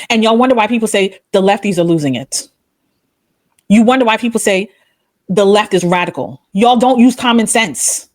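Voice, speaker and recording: A woman's voice: expressive, fairly quick. A woman hosting her own channel, delivering an impassioned, scolding opinion monologue full of rhetorical questions and religious language. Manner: swings between raised outbursts and low, quiet rebukes. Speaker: commentary channel host.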